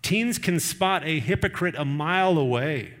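A man's voice: on the high side, animated, moderate pace, a bit bright. A middle-aged man preaching a sermon, earnest and conversational, with personal stories. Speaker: pastor.

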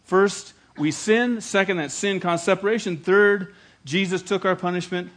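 A man's voice: high-pitched, moderate pace, a bit bright. A male pastor preaching a sermon, emphatic and dramatic in storytelling.

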